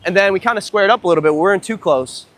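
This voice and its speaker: A young man livestreaming a casual vlog outdoors at a beach, talking into a handheld phone while walking, telling rambling stories in a profane, excitable way. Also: high voice, racing. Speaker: dating coach livestreamer.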